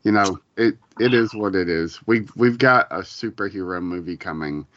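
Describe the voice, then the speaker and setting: A man's voice: sits low, normal speed, fairly bright tone. A man co-hosting a podcast in casual chat, laid-back and wry with some swearing. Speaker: podcast co-host. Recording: dull lo-fi sound, dry.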